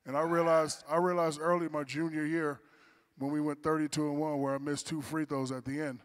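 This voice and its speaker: A man's voice: a little high, flat delivery, brisk. A man in his forties giving a playful, teasing acceptance speech at an awards dinner in a banquet hall.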